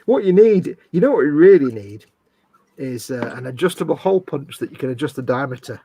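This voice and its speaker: A man's voice: medium pitch, sing-song, brisk, dark tone, husky. A British man co-hosting a casual live stream, joking and laughing often. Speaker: co-host.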